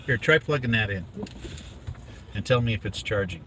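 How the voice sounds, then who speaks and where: A man's voice: fairly low pitch, animated, normal speed, bright, forceful tone, a little hiss or hum, low-quality recording. A middle-aged man from inland California, rambling casually with lots of fillers while driving with his son. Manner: rambling, chatty, with many fillers. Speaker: father, vlog host. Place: inside a car on a drive.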